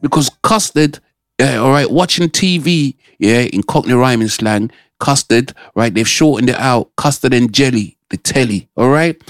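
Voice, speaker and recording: A man hosting a casual radio chat, explaining in an animated way and often checking in with his listeners. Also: medium pitch, normal speed, dry recording, clean studio sound. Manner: animated, explaining with lots of "all right?" check-ins. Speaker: radio host.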